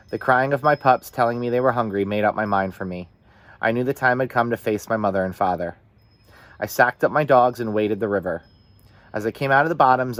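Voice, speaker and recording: A man reading a novel aloud in the first person, with steady, earnest storytelling. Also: lowish voice, dry recording. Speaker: audiobook reader.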